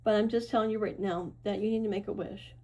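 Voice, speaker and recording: A woman's voice: mid-range voice, fairly even intonation, quick pace, dark tone, highs cut off. A woman giving a casual tarot reading to her viewers, reassuring and chatty, often checking in with "right?" and "okay?". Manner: loose and chatty, with fillers and self-corrections. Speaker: tarot reader.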